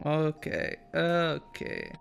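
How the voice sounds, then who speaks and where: A man hosting a casual stream, easygoing and quick to laugh, often repeating words. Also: a little high, huge pitch swings, vocal fry, a bit bright, soft background music. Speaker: streamer host.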